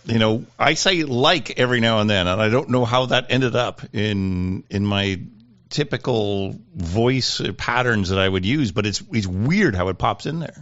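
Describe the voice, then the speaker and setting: A man's voice: lowish voice, moderate pace, fairly bright tone, no room sound, lo-fi sound. A man from Manitoba with a Canadian prairie accent, co-hosting in easygoing casual chat. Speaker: co-host. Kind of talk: casual conversation.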